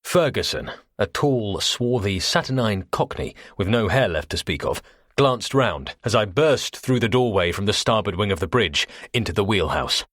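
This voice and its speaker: Low husky male audiobook narrator. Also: lively intonation, normal speed, fairly bright tone, no room sound, studio quality. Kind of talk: first-person thriller narration.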